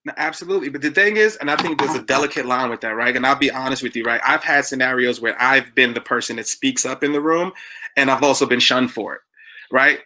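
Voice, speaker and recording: A man in his thirties from New York hosting a podcast, telling animated stories and acting out other people's lines. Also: mid-range voice, quick pace, low-quality recording. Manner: animated storyteller, quotes people with shifting voices. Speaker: podcast host. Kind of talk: casual podcast conversation.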